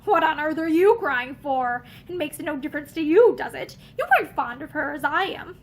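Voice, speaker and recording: A brooding young man, gruff and curt, with a bitter, sarcastic edge, as a woman reading a novel puts him on. The voice stays high, with wide swings between low and raised tones. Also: sing-song, brisk, fairly bright tone.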